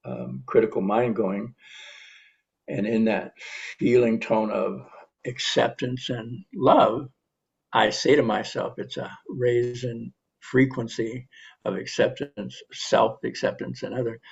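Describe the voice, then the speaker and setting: A man with a gravelly, husky voice leading a recovery meeting, talking in an earnest, halting way on a podcast. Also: mid-range voice, highs cut off. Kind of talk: reflective podcast talk.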